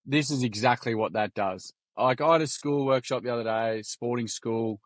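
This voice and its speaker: An Australian man telling lively stories in a casual podcast chat, full of slang and acted-out quotes. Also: mid-range voice, normal speed, no room sound, studio quality. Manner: animated yarn-telling, acts out quoted voices, slangy. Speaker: podcast guest.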